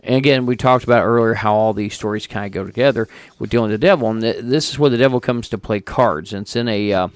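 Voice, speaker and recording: A man's voice: fairly low pitch, quick pace, hardly any pauses, dry recording. Chatty american man co-hosting a podcast. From United States. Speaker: podcast co-host. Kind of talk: casual chat.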